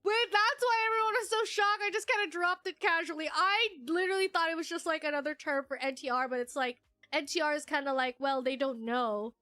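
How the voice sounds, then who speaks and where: A woman's voice: sits high, a little fast, pushed and bright, no echo. A woman streamer chatting casually and reading chat aloud, giggly and rambling with lots of fillers.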